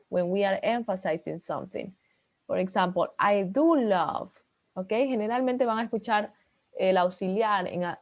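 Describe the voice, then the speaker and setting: Bilingual woman teaching an English class. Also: mid-range voice. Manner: explains in English, then repeats in Spanish.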